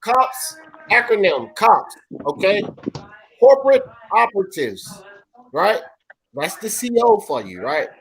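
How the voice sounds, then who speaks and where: High-voiced guy hosting, very animated, reads comments and hammers his point. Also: takes it slowly, gravelly, long pauses, low-quality recording. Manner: emphatic, repeats key phrases. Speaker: host reading live comments. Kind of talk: casual podcast chat.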